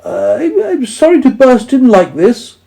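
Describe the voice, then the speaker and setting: A man's voice: very high-pitched, huge pitch swings, a little slow, gravelly, warm tone, voice pushed up, exaggerated voice. A shy little storybook mole stammers out an apology in a raised, small voice, as a man reading aloud plays him. The delivery is hesitant and polite. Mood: apologetic.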